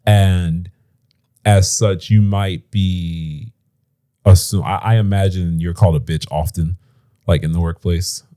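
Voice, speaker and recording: A man's voice: deep voice, steady tone, unhurried, mellow. A man co-hosting a podcast from home, talking casually and animatedly, dropping slang and mimicking voices. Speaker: podcast co-host. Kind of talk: casual chat. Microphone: podcast mic.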